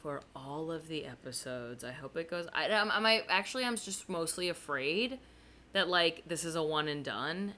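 Low-voiced, bright-toned woman co-host. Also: expressive, normal speed. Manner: emphatic, gushing. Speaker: podcast co-host. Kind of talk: casual chat.

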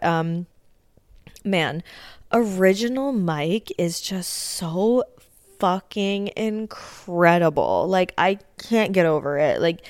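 A woman's voice: on the low side, a little mellow, clean tone, no room sound. Brief: woman podcast host, casual opinionated recap, lots of "like" fillers; dry close recording. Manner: blunt, swears often, many "like" fillers.

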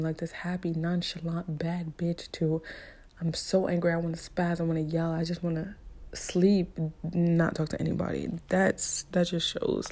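Candid young woman, mellow low voice. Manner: candid and emotional, blunt slang with many fillers. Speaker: vlogger telling a personal story. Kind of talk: casual confessional storytime.

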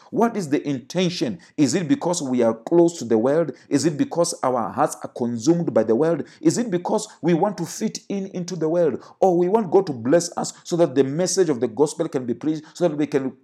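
Husky fervent male preacher. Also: fairly high pitch, mellow. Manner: fervent, repetitive calls to the congregation. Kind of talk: sermon.

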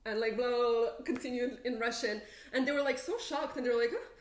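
A woman's voice: on the high side, fast talker. A young woman co-hosting a podcast, telling stories in casual chat and acting out what people said to her. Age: young adult. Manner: animated storytelling, acts out quoted people with laughter. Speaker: podcast co-host. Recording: roomy echo.

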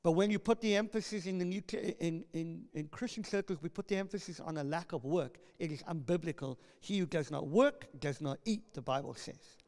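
A male pastor delivering an impassioned sermon, building to loud proclamations as he reads scripture aloud. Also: a little high, brisk, hardly any pauses. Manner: impassioned preaching, rising to loud proclamations when reading scripture. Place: church hall. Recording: long reverb of a church hall.

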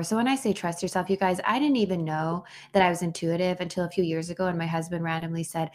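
Woman, thirties, lowish voice, earnest storyteller, casual podcast chat, frequent restarts. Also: quick pace, few pauses, a little mellow. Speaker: podcast co-host. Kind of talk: casual heartfelt conversation.

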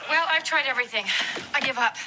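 Woman doing a driven young gal who's proud of her cooking, earnest, high pitched, noisy clip. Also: quick pace, natural voice. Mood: defeated.

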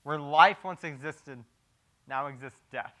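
A man preaching a sermon verse by verse, dropping to a hushed, grave tone and then rising to loud, animated emphasis, with frequent restarts and repeated words as he improvises. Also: fairly high pitch, unhurried, rough recording. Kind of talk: expository sermon.

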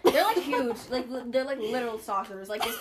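Giggly high-voiced woman, swearing freely. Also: brisk, crowd noise. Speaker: friend in group chat. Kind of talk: casual chat.

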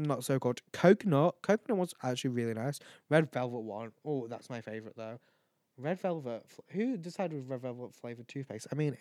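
A man's voice: medium pitch, darkish tone, dry recording. Tipsy, rambling man with a dry close mic. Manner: rambling, tipsy, swearing, yawning. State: tired and tipsy. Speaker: podcast host. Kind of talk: casual solo chat.

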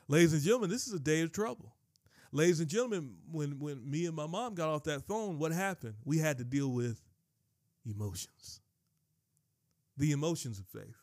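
A man preaching a sermon, telling a personal story with emotion, often addressing the audience as ladies and gentlemen. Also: a little high, expressive, moderate pace, no echo, studio quality. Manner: emotional, repeats "ladies and gentlemen", many restarts.

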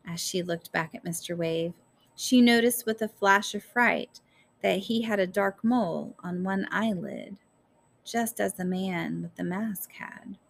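A woman narrating a story aloud in a measured, careful storytelling manner. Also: medium pitch, vocal fry, slight background noise. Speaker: audiobook narrator. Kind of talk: scripted narration.

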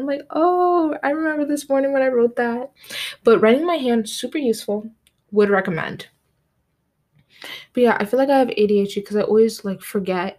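A woman's voice: medium pitch, a little mellow. A teenage girl from the United States hosting her own podcast from her desk at home, rambling casually with lots of "like" fillers. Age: late teens. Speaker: podcast host. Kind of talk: casual solo podcast talk.

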